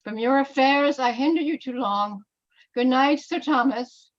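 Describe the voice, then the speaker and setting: A woman reading the part of a scheming male bishop in an amateur Shakespeare reading, with slow, deliberate verse delivery. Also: high-pitched, muffled recording. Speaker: reader in a play reading.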